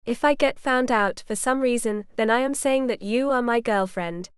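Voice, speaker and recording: A man's voice: very high voice, moderate pace, clear, resonant tone, no room sound, clean studio sound. A woman voicing a playful young male doctor who puts on a hammy Southern drawl. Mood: scheming. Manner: hams up a fake Southern drawl.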